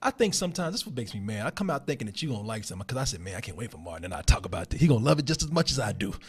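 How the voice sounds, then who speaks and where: A man co-hosting a film review show, talking in emphatic, profane, animated banter. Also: mid-range voice, rapid-fire, breathy edge. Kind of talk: casual movie review banter.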